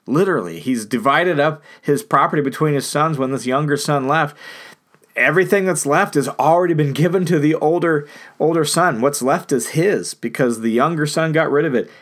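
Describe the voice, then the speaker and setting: A man's voice: fairly high pitch, normal speed, a bit bright. A man preaching a sermon, retelling a parable in an earnest storytelling manner with emphatic repetition. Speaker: pastor.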